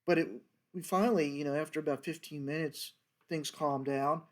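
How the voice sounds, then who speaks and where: Man, former federal agent, rambling story, slightly high voice. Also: steady tone, moderate pace. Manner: rambling, conversational, many fillers and restarts. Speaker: retired federal fisheries agent telling stories. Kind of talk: casual storytelling monologue.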